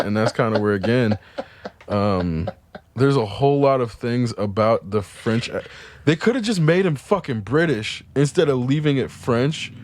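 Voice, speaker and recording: A man of middling pitch holding forth in a casual podcast conversation, building long arguments and cursing offhandedly. His voice sits dry and close to the mic, with no room around it. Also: no room sound. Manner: opinionated, argumentative, swears casually. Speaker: podcast co-host. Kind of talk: casual chat.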